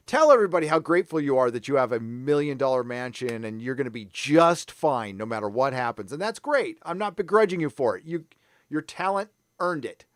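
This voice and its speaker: A man's voice: mid-range voice, lively intonation, a little fast, dry recording, studio quality. A middle-aged man hosting a live stream, ranting angrily and swearing a lot while reading viewer comments. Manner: angry, profane, ranting. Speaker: live show host.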